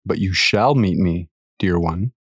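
A man voicing a great, wise lion who speaks softly and gently while reading a story aloud. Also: normal speed, no echo. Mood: gentle. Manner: soft, gentle, low-spoken.

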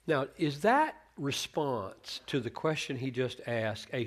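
A male preacher works through a Bible passage in an unhurried, deliberate sermon. He speaks earnestly, often restarting a word while he thinks aloud. His voice sits at an ordinary middle pitch. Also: very animated. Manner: earnest, restarts words while thinking, acts out quoted lines.

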